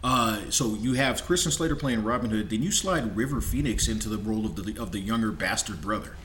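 A man's voice: on the low side, fairly quick, fairly bright tone, a little hiss or hum. A man co-hosting a podcast in casual chat, reading out listener submissions and laughing often. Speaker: podcast co-host.

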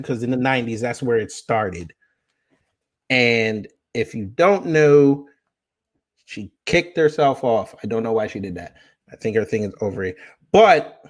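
A man's voice: mid-range voice, husky. A man in his thirties from New York, hosting a casual talk show, reading from a book and breaking off with teasing asides. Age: 30s. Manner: loose, joking, with teasing asides. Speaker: podcast host.

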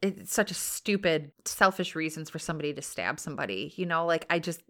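A woman's voice: low voice, expressive, brisk, a bit bright. A woman on a podcast retelling a true story in casual chat, full of "like" fillers and acted-out quotes. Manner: chatty, many "like" fillers, acts out quotes. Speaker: podcast host.

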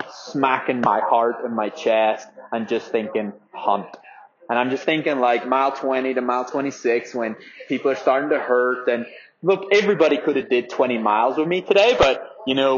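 A young Irish man who runs marathons gives a casual spoken update in a medium-pitched voice, and the audio sounds dull. He rambles, packs in fillers, and swears freely.

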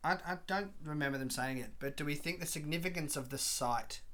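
A man's voice: fairly high pitch, fairly quick, fairly bright tone. A man co-hosting a movie podcast, thoughtful and casual, often trailing off and restarting mid-thought. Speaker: podcast co-host. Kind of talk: casual movie review chat.

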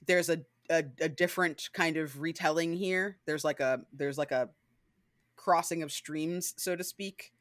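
A woman chatting casually as a podcast guest, animated and blunt, swearing freely. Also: deep voice, unhurried, no echo, studio quality. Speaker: guest co-host.

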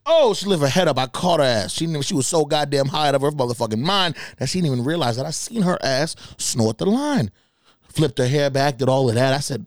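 A man hosting a podcast alone, telling stories in casual, profane, animated talk with laughs. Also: mid-range voice, fairly quick, no room sound, clean studio sound. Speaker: podcast host. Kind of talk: casual solo storytelling.

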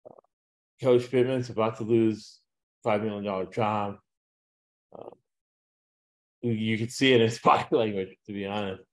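A man with a somewhat low voice talks through football picks in a loose, casual way. His sentences wander and restart, with lots of "uh" fillers. He laughs easily as he goes. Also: fairly even intonation, normal speed, pauses often. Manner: rambling, frequent "uh" fillers, laughs at own jokes. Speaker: sports betting podcast host.

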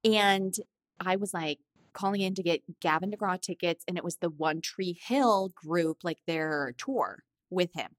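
A woman's voice: fairly low pitch, a little slow, no echo. Giggly, rambling woman podcast co-host. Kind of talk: casual chat.

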